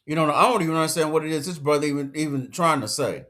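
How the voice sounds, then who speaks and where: A man's voice: on the high side, fast, fairly bright tone. A man giving a casual commentary rant, emphatic and lecturing, full of slang and repeated points. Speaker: commentary vlogger.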